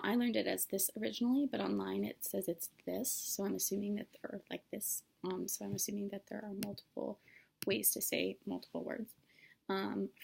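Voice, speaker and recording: A woman's voice: mid-range voice, gravelly, darkish tone, breathy edge. A young woman explaining sign language signs in a casual solo lesson, with many fillers and self-corrections. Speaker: student demonstrating sign language.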